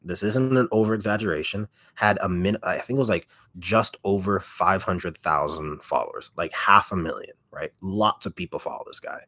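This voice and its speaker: A very low, raspy male voice rambles through a casual livestream chat, piling on fillers and swearing. He is an ASMR YouTuber talking loosely to his viewers. The sound is dry and close, with no room echo. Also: moderate pace, hardly any pauses, pushed and bright. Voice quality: deep and raspy.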